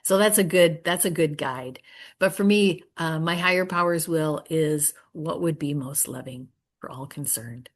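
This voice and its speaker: Soft-spoken low-voiced woman sharing earnestly. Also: measured pace. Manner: soft, earnest, prayerful, trails off quietly; hesitant, searching for words. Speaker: speaker sharing at a recovery meeting. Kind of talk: personal share and Q&A answer.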